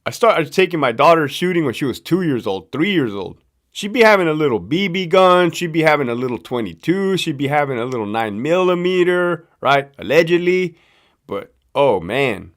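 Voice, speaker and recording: Southern Californian man hosting a live chat, swearing and slangy, lively pitch that rises a little high. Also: moderate pace. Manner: slangy, profane, loose storytelling with lots of fillers. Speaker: livestream host, former prison guard. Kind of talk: casual live-stream chat reading viewer questions.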